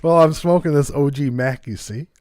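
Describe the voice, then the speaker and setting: A man co-hosting a casual wrestling podcast, talking slowly and loosely, audibly stoned and rambling. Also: on the high side, a little mellow, dry recording, clean studio sound. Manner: slow, stoned, meandering. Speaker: podcast co-host.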